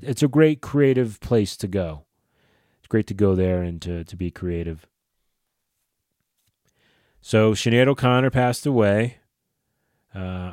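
In his forties, a man hosts a solo podcast, rambling casually with lots of swearing, fillers, and restarts. His fairly low, dark voice comes through a dry, clean studio recording.

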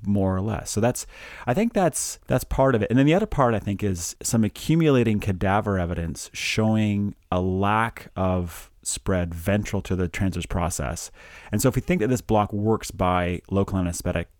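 Brief: male anesthesiologist co-host, low-pitched, easygoing, dry close recording. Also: moderate pace, a little mellow, no room sound. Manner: easygoing, laughs often, explanatory. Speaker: podcast co-host, regional anesthesiologist. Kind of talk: casual professional chat.

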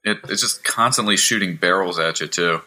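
A man's voice: low voice, fairly quick, sharp tone. A man co-hosting a podcast, chatting casually about a video game, rambling and hesitant with a self-mocking humor. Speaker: podcast co-host.

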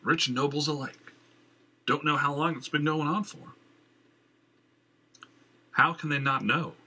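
A man voicing a fussy, pompous middle-aged male theater owner, in a high, flustered and theatrical way. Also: fairly even intonation, measured pace, bright, forceful tone, slightly rough, heavily acted.

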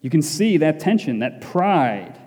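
A man's voice: on the high side, big pitch swings, a little slow, a little mellow. A man preaching a Bible sermon to a congregation, emphatic, repeating key phrases and asking rhetorical questions. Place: church hall with congregation. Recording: long echoey hall reverb.

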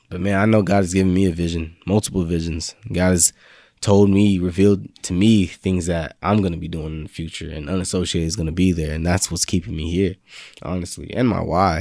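Young guy preaching casual, slangy and fired up, lowish voice, dry close sound. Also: a little mellow, no room sound. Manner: laid-back slangy preaching, rising to fervent confessions. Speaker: faith vlog host. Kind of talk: casual motivational faith talk.

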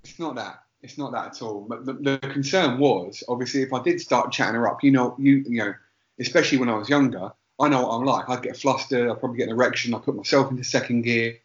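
A man's voice: mid-range voice, fast talker. A man telling a rambling, self-deprecating story in casual podcast chat. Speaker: podcast co-host. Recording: roomy, dull lo-fi sound.

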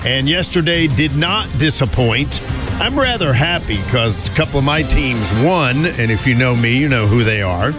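A man's voice: medium pitch, expressive, moderate pace, over music. A man hosting a morning show, chatting casually and rambling with fillers and chuckles. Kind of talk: casual radio chat.

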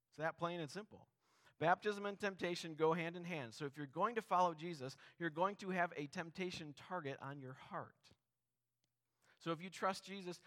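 Male pastor, sermon. Voice sits a bit high, earnest, conversational, asks the listeners questions. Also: a bit bright.

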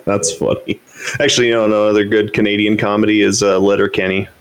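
Male podcast co-host, easygoing banter, quick to laugh. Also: on the low side, level tone, clean tone, low-quality recording. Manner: joking, laughs often. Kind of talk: casual chat.

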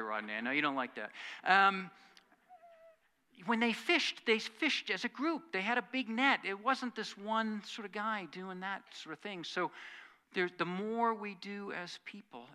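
A man preaching a sermon as pastor, earnest, swinging from loud emphatic lines to quiet, hushed asides. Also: high-pitched.

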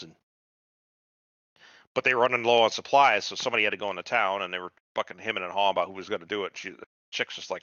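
A man's voice: low-pitched, fairly even intonation, quick pace, pauses often, bright, forceful tone, no echo, highs cut off. A man co-hosting a podcast, casually retelling a TV show with heavy swearing and quoted voices. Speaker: podcast co-host. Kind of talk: casual chat recapping a TV show.

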